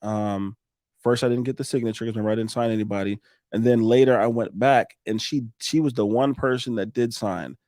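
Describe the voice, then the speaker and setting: A roofing business owner telling a blunt, animated story as a podcast guest and acting out what people said. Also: male voice, medium pitch, fairly quick, no room sound, studio quality. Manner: animated, acts out quotes, blunt with swearing. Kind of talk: casual storytelling.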